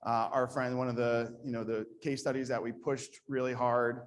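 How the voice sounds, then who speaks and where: A man's voice: medium pitch, little pitch movement, moderate pace, slight background noise. Male presenter, mid-range voice, casual self-deprecating conference talk with false starts. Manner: conversational, self-deprecating, with many restarts. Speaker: speaker at a startup event. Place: event venue with an audience.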